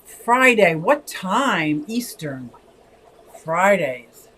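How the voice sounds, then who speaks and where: A woman's voice: on the low side, drawn-out words, poor audio. A woman over sixty from Pennsylvania, hosting a casual livestream and chatting expressively as she reads viewer comments. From Pennsylvania, USA. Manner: chatty and expressive, often sways between lively and soft. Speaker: livestream host.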